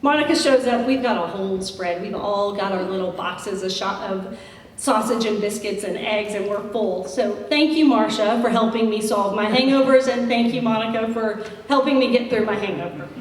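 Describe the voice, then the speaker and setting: A woman's voice: medium pitch, moderate pace. A woman giving a chatty, self-deprecating roast speech full of anecdotes and laughter. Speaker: roast speaker. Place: large event hall. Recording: echoey hall recorded from far off.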